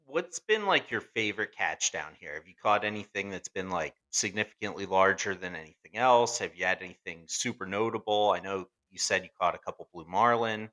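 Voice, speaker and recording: Easygoing male host, bright voice. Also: deep voice, animated, fairly quick, few pauses. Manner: easygoing, joking, asks rambling questions. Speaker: podcast host. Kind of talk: casual interview chat.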